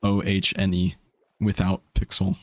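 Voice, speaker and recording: A man's voice: low voice, completely flat delivery, a little slow, no room sound. A young man casually chatting while streaming a game, rambling and laid-back. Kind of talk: casual gaming stream chat.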